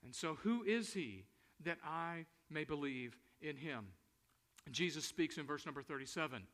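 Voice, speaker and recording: A man preaching a sermon in a high, bright voice. He reads the scripture aloud and hammers his points home by repeating them, and he slows right down on the words that matter. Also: animated. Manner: preaching with emphatic repetition and dramatic slowdowns. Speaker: pastor.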